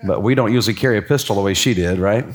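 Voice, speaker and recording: A man's voice: fairly low pitch, rapid-fire. A man leading a church class, folksy and encouraging, asking the room for verses. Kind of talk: interactive sermon.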